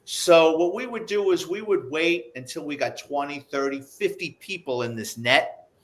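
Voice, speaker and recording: A man, telling old police stories in a relaxed, chatty way and acting out the people in them. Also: fairly high pitch, normal speed. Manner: animated, acts out the people in his stories. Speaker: guest, retired police investigator. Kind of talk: casual storytelling.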